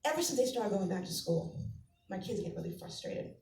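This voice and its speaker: Woman comedian, stand-up set, animated sing-song delivery, echoey club from a distance, faint room hum. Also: medium pitch, fairly quick. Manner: chatty storytelling, acts out family voices. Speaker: mother of two.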